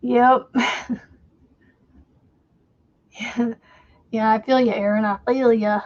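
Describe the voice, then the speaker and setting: A woman's voice: on the high side, steady tone, takes it slowly, highs cut off. Chatty woman with a faint Southern accent. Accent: faint Southern American. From American South. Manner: chatty, rambling, laughs often. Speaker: crochet livestream host. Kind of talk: casual livestream chat with viewers.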